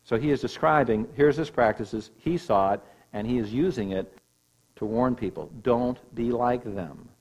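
A man's voice: medium pitch, normal speed, darkish tone, low-quality recording. A man preaching a sermon, explaining scripture with emphatic stresses. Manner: emphatic teaching with rising and falling emphasis. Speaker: pastor.

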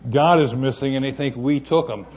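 A man's voice: mid-range voice, fairly quick, very noisy, close to an everyday voice. A man voicing a frightened young boy as he tells his older brother what happened, inside a story told during a sermon. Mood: panicked.

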